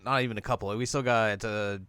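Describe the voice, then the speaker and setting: Young guy host going over an episode, smooth clear voice, dry close sound, jumps into goofy voices. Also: fairly low pitch, a little fast, no room sound. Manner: animated, acts out characters' lines in silly voices. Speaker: podcast host. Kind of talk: casual episode recap.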